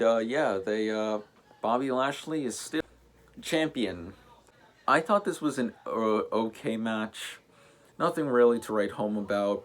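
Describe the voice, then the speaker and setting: A man hosting a casual wrestling show review, talking in a rambling way and often correcting himself. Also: medium pitch. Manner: rambling, self-correcting, many fillers. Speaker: host.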